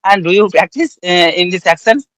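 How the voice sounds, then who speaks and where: A man interviewing a guest, asking polite, halting questions in a casual conversation. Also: sits high, no echo, poor audio. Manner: polite, halting, flat delivery.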